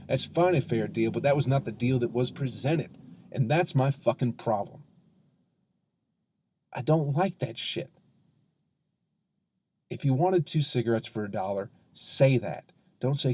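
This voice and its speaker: A man, a comedian hosting his own podcast, ranting heatedly and sarcastically with lots of profanity and drawn-out emphasis. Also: medium pitch, a little mellow. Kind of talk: ranting solo podcast monologue.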